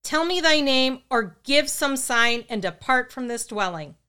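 Woman voicing a stern booming priest exorcist. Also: normal speed, clean tone. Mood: booming command. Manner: booming commands, stern and flat. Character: stern, forceful middle-aged male priest exorcist.

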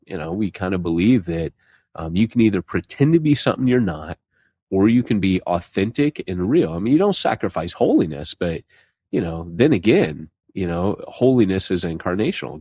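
A man's voice: low voice, a little mellow, breathy edge, dry recording, dull audio. A man co-hosting a podcast in casual chat, rambling and laid-back with lots of fillers. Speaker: podcast co-host.

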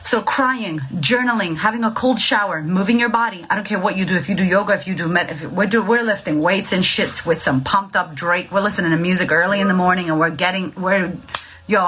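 A woman's voice: mid-range voice, fairly quick, fairly bright tone, breathy edge. A woman, likely in her thirties, giving blunt, profane mental health advice in a casual, emphatic coaching monologue.

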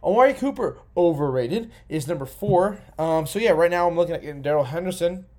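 Young male podcast host, a bit drunk, loose and profane, pitched slightly high. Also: brisk. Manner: profane, rambling, excitable. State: tipsy. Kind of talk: casual solo commentary.

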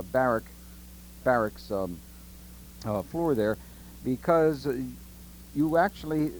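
A man's voice: a little high, a little mellow, a little hiss or hum, rough recording. A man hosting a radio interview, prompting his guests with probing questions. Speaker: radio show host.

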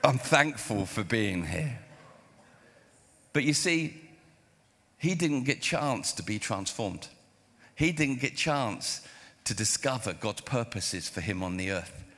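A male pastor preaching a sermon, telling stories in an animated way and acting out the dialogue. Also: mid-range voice, measured pace. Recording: reverberant hall.

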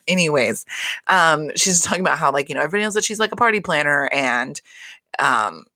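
A woman talks through a reality show in a loose, rambling solo recap, swearing freely and breaking into laughter. Her voice sits a little low for a woman. The sound is close and dry, with almost no room around it. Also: animated, brisk, sharp tone, no echo. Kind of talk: casual solo recap chat.

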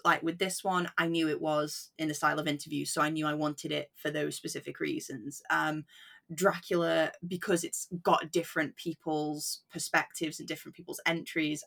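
Gravelly young woman chatting about books. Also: deep voice, fairly bright tone. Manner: chatty, quick, self-deprecating. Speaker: podcast guest. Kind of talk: casual book chat.

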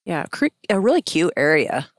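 A woman's voice: sits low, very animated, normal speed, no room sound. A woman co-hosting a podcast, chatty and teasing in casual conversation. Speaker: podcast co-host. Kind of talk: casual chat.

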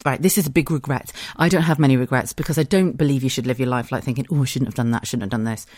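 A woman's voice: rumbling low, rapid-fire, a little mellow, dry recording, studio quality. A woman in her thirties with a British accent, hosting a podcast as a casual, rambling monologue and swearing freely. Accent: British English. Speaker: podcast host.

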